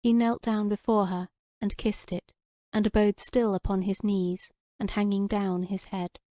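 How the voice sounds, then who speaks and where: A woman narrating an old romance novel as an audiobook with an even, measured reading. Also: mid-range voice, no echo, studio quality.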